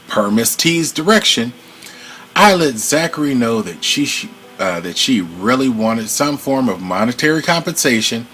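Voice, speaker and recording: Low-voiced man reading a formal complaint letter. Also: a bit bright, rough recording. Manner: measured, formal, aggrieved. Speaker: former retail employee. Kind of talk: reading an open letter to camera.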